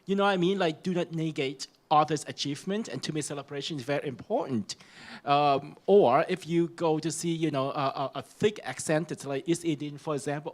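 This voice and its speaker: A man from Vietnam, with a Vietnamese accent, speaks as a panelist. He is chatty, with lots of fillers, and acts out short exchanges between people. His voice sits somewhat high for a man. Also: moderate pace. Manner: chatty, acts out little dialogues, many fillers. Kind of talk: panel remarks.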